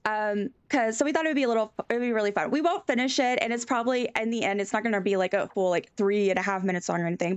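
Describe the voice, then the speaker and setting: Chatty woman streamer, lively and giggly; a bit high, with some fry, dry close mic. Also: no echo. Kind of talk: casual live-stream chat.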